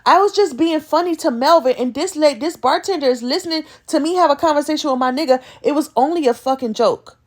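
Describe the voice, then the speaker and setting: A woman's voice: high-pitched, brisk, hardly any pauses. A woman telling a story in a casual, profane rant, acting out quoted lines in a raised voice. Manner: animated, profane, talks through quotes in raised voice.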